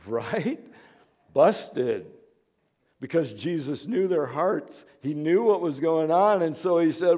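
A man pastor giving a conversational sermon, dropping to hushed asides and rising to emphatic points. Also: on the high side, very animated, slow, long pauses. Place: church in Chicago.

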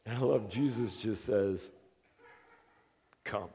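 A man preaching a sermon as earnest storytelling, moving between hushed, quiet passages and loud, excited bursts. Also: medium pitch, a little slow. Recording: long reverb of a hall.

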